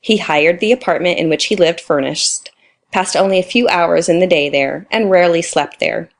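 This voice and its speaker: A woman's voice: on the low side, moderate pace, vocal fry. A woman narrating a classic novel audiobook, reading the dialogue in her own voice. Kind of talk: scripted narration.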